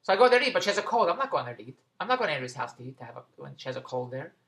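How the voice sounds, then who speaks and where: A man's voice: on the high side, big pitch swings, rapid-fire, fairly bright tone. A man in a rambling monologue vlog, stumbling and restarting as he goes, amused at his own tangents. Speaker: vlogger.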